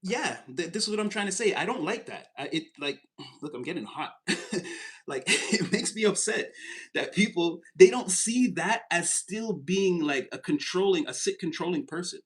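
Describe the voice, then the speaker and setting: A man's voice: sits high, expressive, moderate pace, a bit bright, low-quality recording. A man giving a casual tarot reading who rambles, swears, laughs and gets heated. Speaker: tarot reader.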